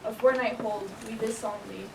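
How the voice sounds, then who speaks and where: A woman's voice: medium pitch, fairly even intonation, brisk, gravelly. A woman reciting verse as a duke on an amateur stage, slipping and restarting lines. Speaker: stage actor as Duke Theseus. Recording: echoey room, distant mic, noisy.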